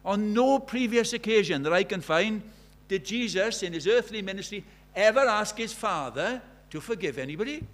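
Emphatic higher-voiced male preacher. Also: expressive, moderate pace, few pauses, a bit bright. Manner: questioning, rhetorical, emphatic. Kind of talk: sermon.

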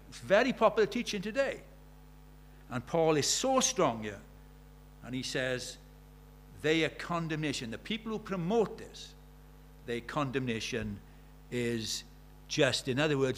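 A man preaching a sermon, animated and rhetorical, asking the congregation questions and acting out the voices he quotes. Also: mid-range voice, slight background noise.

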